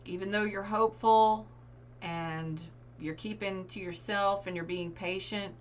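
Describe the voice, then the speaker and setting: A woman's voice: medium pitch, steady tone, unhurried, slight background noise. A woman giving a casual tarot reading, speaking earnestly and directly to her viewers. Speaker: tarot reader.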